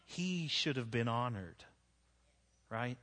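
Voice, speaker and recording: A man's voice: medium pitch, lively intonation, slow pace, fairly bright tone. A middle-aged man preaching a sermon, telling stories about himself in a conversational way with frequent restarts. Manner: conversational, self-deprecating storytelling with frequent restarts. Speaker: pastor. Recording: long echo of a large hall.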